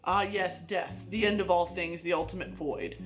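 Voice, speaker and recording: A woman's voice: fairly low pitch, fairly even intonation, normal speed, over music, close to an everyday voice. A woman voicing a theatrical, ominous chatbot that designs monsters. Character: dramatic creature-designing female chatbot.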